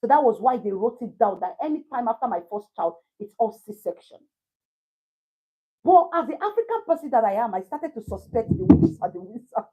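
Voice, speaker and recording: A Nigerian woman in her thirties telling a personal story to a live chat in a casual, animated way, laughing often and slipping into pidgin. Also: on the high side, fairly quick, breathy edge, phone-quality sound. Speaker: livestream host.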